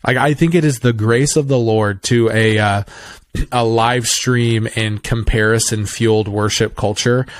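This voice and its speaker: A man's voice: mid-range voice, steady tone, measured pace. A man hosting a casual podcast conversation, chatty and rambling, often correcting himself mid-sentence. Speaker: podcast host.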